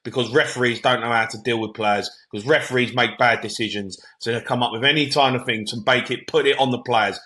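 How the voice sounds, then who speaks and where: Bright-voiced man ranting about football. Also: mid-range voice, fairly even intonation, quick pace, few pauses. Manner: heated ranting, swears, talks over others; repeats punchy phrases. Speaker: football podcast co-host. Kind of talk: football podcast chat.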